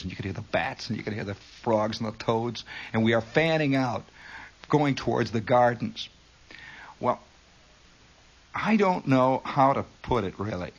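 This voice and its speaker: A middle-aged man tells a long comic story in a husky voice. His pitch leaps around with lively expression, and he wanders into tangents and mimics the sounds he describes. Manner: rambling, digressive, mimics sounds, chuckles often. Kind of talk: humorous spoken-word storytelling.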